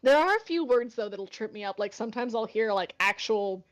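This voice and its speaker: Higher-pitched giggly woman chatting. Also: lively intonation, a little fast, muffled recording. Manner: giggly, playful. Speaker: stream reader. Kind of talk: casual chat.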